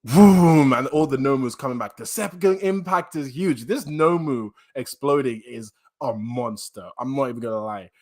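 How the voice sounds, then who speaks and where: An excitable man reacts to a manga chapter in loose, slangy commentary. His voice sits at an ordinary middle pitch, and he jumps between reading panels and blurting out his own reactions. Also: normal speed, few pauses. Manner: excitable, slangy, reads panels aloud with bursts of laughter.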